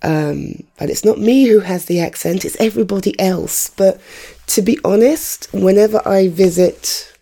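Chatty north london lady, english accent, rough gravelly voice, mellow low tone, rambles and jokes at herself. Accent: English, drifted from North London. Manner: rambling, self-deprecating, quick asides. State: rough, off-colour voice. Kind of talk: casual chatty monologue. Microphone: home recording setup.

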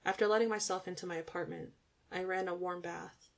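A young woman narrating an intimate audiobook story in the first person, in an even, intimate storytelling manner. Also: fairly low pitch, a little fast, creaky.

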